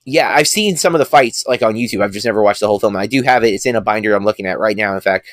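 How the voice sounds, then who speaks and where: A man's voice: on the low side, rapid-fire, fairly bright tone, no room sound, studio quality. A man co-hosting a casual film review podcast, rambling and thinking aloud as he goes. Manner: rambling, many fillers and restarts.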